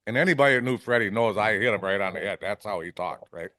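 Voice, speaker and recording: A man's voice: lowish voice, expressive, fast talker, few pauses, sharp tone, dry recording, clean studio sound. A man from Wisconsin, a fishing guide, telling rambling stories on a podcast, often ending lines with "right?" and acting out salty quotes. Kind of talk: casual storytelling. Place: podcast studio.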